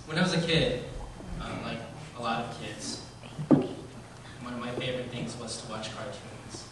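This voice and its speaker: A man in his forties giving a eulogy, telling stories about his father in a halting way with many ums. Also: medium pitch, heavy background noise. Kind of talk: eulogy told as personal stories. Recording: very echoey hall, voice from far off, faint ambience.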